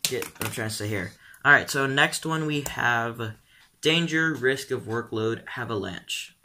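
A man's voice: medium pitch, unhurried, pushed and bright. A teenage boy vlogging casually, rambling and filling his talk with um and like. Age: teens. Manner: rambling, full of "um" and "like". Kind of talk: casual vlog commentary.

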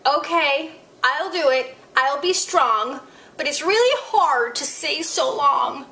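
A woman hosting a children's story time, reading a picture book aloud in an expressive, sing-song way with playful asides. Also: high voice, slow pace.

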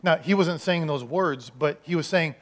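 Higher-voiced man preaching conversationally. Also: normal speed. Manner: conversational storytelling, acting out quotes. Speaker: pastor. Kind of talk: sermon.

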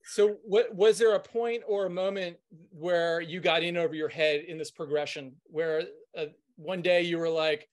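A man hosts a casual interview, asking questions in a relaxed way. His voice sits a little higher than usual for a man. Between questions he offers brief, encouraging replies. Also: moderate pace, hardly any pauses. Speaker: podcast host, interviewer.

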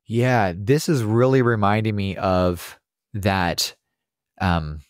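A man's voice: fairly low pitch, takes it slowly, clean tone, dry recording, studio quality. A man hosting a podcast interview, affirming and enthusiastic in casual chat. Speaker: podcast host.

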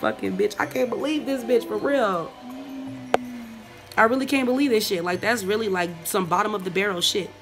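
A woman's voice: medium pitch, fairly even intonation, moderate pace. Black woman ranting on her vlog, cussing and scornful, faint music underneath. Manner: profane, scornful, reads out messages. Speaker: vlogger.

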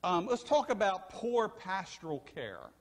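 Speaking at a measured pace in a high voice, an older male pastor preaches from the church sanctuary. He animates his sermon with stories and questions to the congregation, and the hall's reverb lingers long.

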